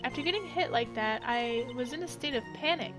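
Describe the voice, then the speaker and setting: A woman's voice: high-pitched, lively intonation, brisk. A woman reading a flustered young witness. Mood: nervous. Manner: flustered, stammering. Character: young female spirit-medium witness, flustered. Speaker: game reader. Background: game music.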